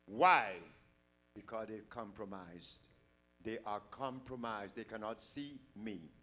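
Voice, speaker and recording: A man's voice: lowish voice, unhurried, a bit bright, a little hiss or hum. An older man giving an emphatic public lecture to a large live audience, full of rhetorical questions.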